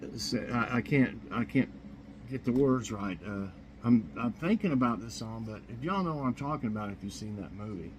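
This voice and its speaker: A man's voice: mid-range voice, animated, moderate pace, a little hiss or hum, poor audio. A man hosting a casual morning chat show from his kitchen, rambling and chuckling at his own jokes. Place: home kitchen.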